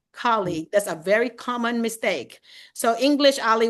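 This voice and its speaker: Chatty Filipino woman in her fifties. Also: medium pitch. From Philippines. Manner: chatty, animated, laughs often. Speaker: host and teacher mentor. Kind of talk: casual video-call talk. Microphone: video call.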